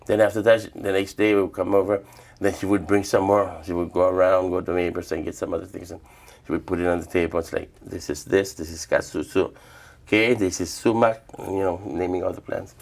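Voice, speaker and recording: Older man, from Guam, low voice, gravelly, reflective storyteller, interview. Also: brisk. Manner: relaxed, reflective storytelling with quoted dialogue. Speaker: interviewee, traditional healer.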